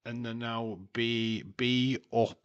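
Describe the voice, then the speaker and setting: A man's voice: medium pitch, monotone, slow, smooth, muffled recording. A man hosting a live watch-along stream, chatting casually, laughing and making puns. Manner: chatty and jokey, laughing at his own puns. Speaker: livestream host.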